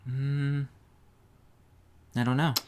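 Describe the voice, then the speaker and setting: A man co-hosting a knitting podcast in easygoing conversation. He talks at a middling pitch, with loose, rambling phrasing that often trails off before picking back up. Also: drawn-out words, clean tone. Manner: relaxed, chatty, trails off and restarts. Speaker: podcast co-host. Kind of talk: casual chat.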